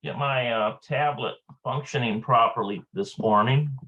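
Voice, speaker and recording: A man teaching a live online language lesson, slow and halting, with many filler sounds. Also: mid-range voice, bright, forceful tone, dull audio. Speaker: Hebrew teacher.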